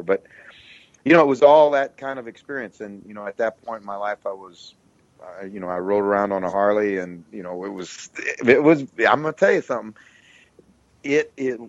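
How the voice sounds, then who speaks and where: A former football coach talks through a long story in a casual interview, low in pitch and full of small laughs and false starts. The sound is dry and a little muffled, like a modest lo-fi recording. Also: male voice, brisk, no echo. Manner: rambling anecdotes with frequent laughs and restarts.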